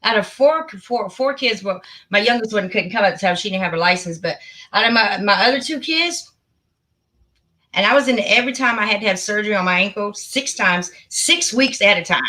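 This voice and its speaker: A woman's voice: mid-range voice, expressive, brisk, bright, forceful tone. A middle-aged woman hosting a casual livestream chat, emphatic and repetitive, often talking over her guest. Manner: emphatic, repeats words, talks over guest. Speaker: livestream host.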